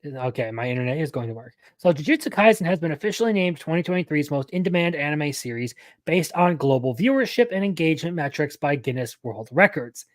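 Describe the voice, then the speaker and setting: A man's voice: a little high, animated, brisk, few pauses, no room sound. A young man hosting a live anime news stream, talking casually and rambling, often correcting himself mid-sentence.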